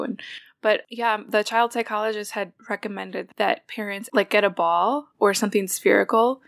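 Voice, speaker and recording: Woman guest, gravelly texture, thoughtful and reflective delivery in casual conversation. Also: medium pitch, fairly even intonation, moderate pace. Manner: thoughtful, reflective, explains ideas at length. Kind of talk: casual conversation about faith.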